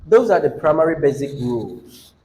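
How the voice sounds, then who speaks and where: A man's voice: fairly high pitch, sing-song, moderate pace, darkish tone, a little hiss or hum, low-quality recording. A man teaching a class on word stress, often putting questions to the students and repeating the key words. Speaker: English teacher. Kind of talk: classroom lecture.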